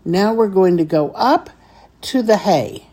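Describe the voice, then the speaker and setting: A woman's voice: mid-range voice, expressive, a little slow, dark tone. A woman teaching a beginners' Hebrew reading lesson, patiently sounding out each syllable step by step.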